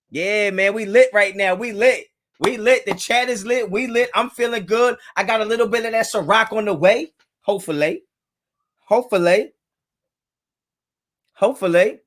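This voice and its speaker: Man, casual livestream host, slangy laid-back talk, slightly high voice, home setup. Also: moderate pace, a bit bright. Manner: laid-back slangy, greets chatters by name. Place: home, kids in another room.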